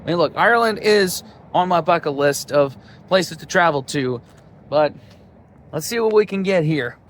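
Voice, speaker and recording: A man's voice: on the high side, lively intonation, normal speed, slight background noise. A man vlogging casually from his car on a road trip, chatty and rambling with lots of fillers. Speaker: travel vlogger. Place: in his car while driving. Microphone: handheld camera in the car.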